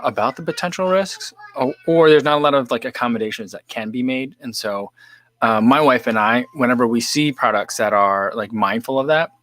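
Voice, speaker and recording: A man's voice: medium pitch, no echo. A man hosting a casual livestream, chatting loosely with many fillers and reading out viewer comments. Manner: relaxed and rambling, with many fillers. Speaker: livestream host. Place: home studio in the American Midwest.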